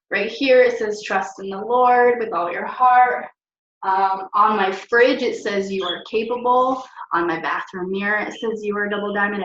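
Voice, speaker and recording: A young woman rambles cheerfully through an encouraging motivational vlog, her voice sitting at a middle pitch. She is recorded at home from some distance, so the sound is roomy and echoey. The audio is dull and lo-fi. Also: a bit bright. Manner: upbeat, chatty, rambling and encouraging. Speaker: network marketing team leader.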